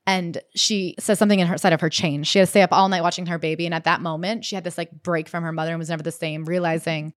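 A woman co-hosting a casual podcast, retelling a memoir with animated storytelling and reading quoted passages aloud. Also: lowish voice, quick pace, hardly any pauses, dry recording, studio quality. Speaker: podcast co-host.

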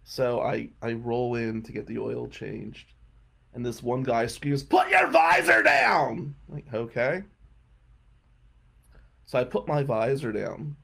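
A male radio host telling a comic story in a casual way, often clearing his throat and chuckling as he goes. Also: mid-range voice, fairly even intonation, takes it slowly, pauses often, darkish tone.

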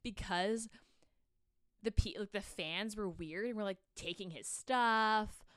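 A woman's voice: medium pitch, a bit bright, clean tone. Casual swearing woman podcast co-host. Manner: retells scenes in quick muttered quotes, swears freely. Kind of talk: casual book chat.

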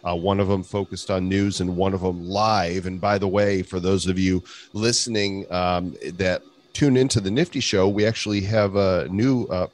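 A man's voice: sits low, normal speed, hardly any pauses. A man co-hosting a podcast, chatting casually and jokily. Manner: animated, jokey, breaks into voices. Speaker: podcast co-host. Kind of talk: casual chat.

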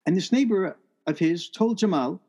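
A man's voice: sits high, lively intonation, normal speed, darkish tone, dull audio. A man telling a personal story in an earnest, reflective way, his voice rising at the emotional peaks. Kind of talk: first-person storytelling talk.

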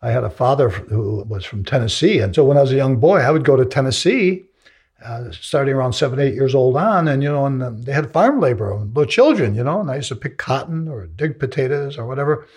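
Older man with a gravelly voice, telling animated stories. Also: mid-range voice, fast talker. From United States. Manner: animated storyteller, acts out voices, gets emotional. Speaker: hypnotist, interviewee. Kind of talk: emotional storytelling interview.

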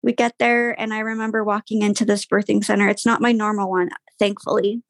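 A woman's voice: mid-range voice, level tone, fairly quick, dry recording, studio quality. A young woman guest telling a personal story in casual conversation, candid, with frequent fillers and sighs.

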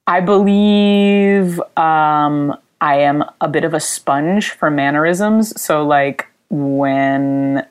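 A woman from upstate New York talks as a guest in a relaxed interview. Her voice sits low and her delivery is slow. She rambles with fillers and giggles easily. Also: clear, resonant tone. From Rochester, New York. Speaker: musician guest. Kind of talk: casual interview chat.

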